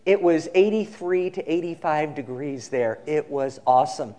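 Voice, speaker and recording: Storytelling male pastor, slightly high voice. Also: fairly even intonation, normal speed, mellow. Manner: conversational storytelling, acts out quotes. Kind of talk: sermon.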